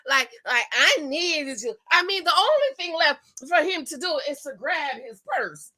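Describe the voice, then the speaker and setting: Sassy lady in her 40s, high lively voice, ranting straight to camera. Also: unhurried, hardly any pauses. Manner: sassy and emphatic, calls viewers "girl". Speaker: reality TV recap host. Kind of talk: casual commentary, talking to camera.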